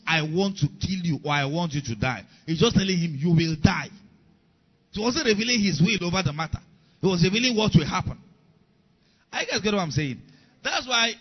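A man's voice: high voice, muffled recording. A middle-aged male pastor preaching a sermon, emphatic, repeating key lines and asking the congregation if they follow.

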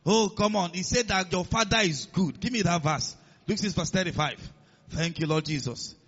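A man's voice: high voice, normal speed, fairly bright tone, breathy edge, highs cut off. A man preaching a sermon, emphatic, quoting scripture and calling on the congregation to follow along. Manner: emphatic, calls on the congregation to respond.

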